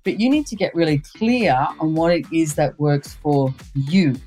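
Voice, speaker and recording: A woman's voice: low voice, lively intonation, normal speed, dark tone, faint music behind. A middle-aged woman, a relationship expert guest, talking candidly in casual conversation and telling personal stories. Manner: candid, storytelling, laughs easily.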